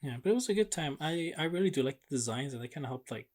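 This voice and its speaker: A man co-hosting a podcast in relaxed, hesitant casual chat. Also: a little high, rapid-fire. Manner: laid-back, hesitant, many fillers. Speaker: podcast co-host.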